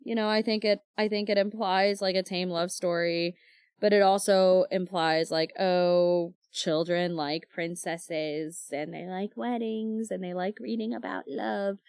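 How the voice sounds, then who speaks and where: Chatty woman podcast co-host, low-ish voice. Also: steady tone, measured pace, a little mellow, clean tone, dry recording, clean studio sound. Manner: chatty storyteller, many fillers, acts out quoted dialogue. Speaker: book club podcast co-host. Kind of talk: casual chat.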